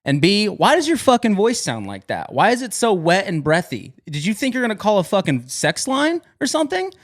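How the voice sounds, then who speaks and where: Profane, animated man ranting. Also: high voice. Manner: profane, incredulous, rapid-fire questions. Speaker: comedian contestant. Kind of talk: improvised comedic rant.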